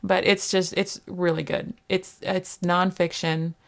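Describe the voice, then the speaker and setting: A woman's voice: fairly low pitch, flat delivery, unhurried, vocal fry. A woman co-hosting a podcast in casual chat, bubbly and giggly with playful exclamations. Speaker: podcast co-host.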